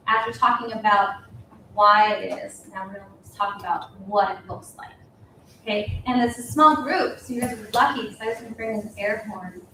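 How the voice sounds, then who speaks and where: A woman's voice: fairly high pitch, a bit bright, a little hiss or hum. Chatty woman presenter in echoey room. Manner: chatty, rambling, lots of "like" and "um", laughs easily. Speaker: school presenter at a parent night. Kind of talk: casual presentation to a small group. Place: school meeting room. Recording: echoey room heard from a distance.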